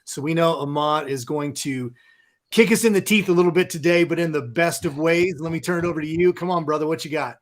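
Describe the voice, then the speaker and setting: A friendly co-host from Texas, a man whose voice sits a little high, reads a guest's bio with casual asides. He keeps it warm and informal between the formal parts. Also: a little fast. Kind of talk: introducing a guest.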